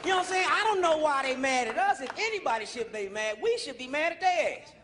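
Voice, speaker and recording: A male stand-up comedian on stage, profane and animated, shouting his punchlines. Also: very high-pitched, quick pace, background noise. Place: comedy stage before a live audience. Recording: live show with loud crowd laughter.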